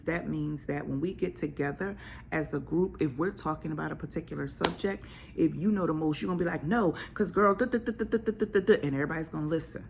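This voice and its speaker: With slight background noise, a woman OB-GYN who hosts a podcast speaks in a low, gravelly voice. She talks bluntly and emphatically to her audience, using casual slang in a relaxed chat about health.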